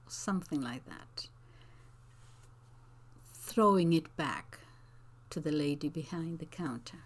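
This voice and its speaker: A slow, low-pitched woman talks unscripted to her viewers, answering their comments. She speaks thoughtfully and unhurriedly, pausing often and restarting her phrases as she works through an explanation. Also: lively intonation. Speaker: language teacher and channel host.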